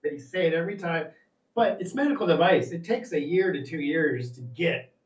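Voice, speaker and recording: Male caller with a fairly high voice, earnest and hesitant, heard from a distance in a roomy space. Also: expressive, normal speed. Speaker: caller seeking advice. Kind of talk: asking a question.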